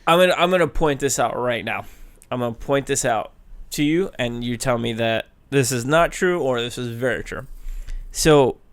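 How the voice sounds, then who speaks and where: A man co-hosting a casual podcast, excitable and swearing freely as he talks about comic book movies. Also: medium pitch, moderate pace. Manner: excitable, swears freely, acts out scenes in voices. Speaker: podcast co-host. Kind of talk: casual chat.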